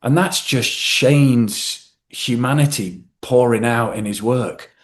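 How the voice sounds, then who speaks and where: A man in his forties is a podcast guest in casual chat, telling stories animatedly, laughing a lot, and slipping into voices. He speaks at a medium pitch and takes his time.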